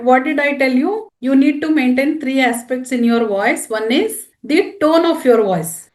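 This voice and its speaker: A woman career trainer giving a classroom training talk and asking her audience frequent questions. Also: high voice. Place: room with a live audience. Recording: echoey room.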